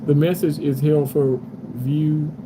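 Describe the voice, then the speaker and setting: A man's voice: a little high, steady tone, takes it slowly, noisy background. Rambling man chatting on a live stream. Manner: loose, rambling, many fillers. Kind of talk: casual live stream chat, reading comments. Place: hotel room.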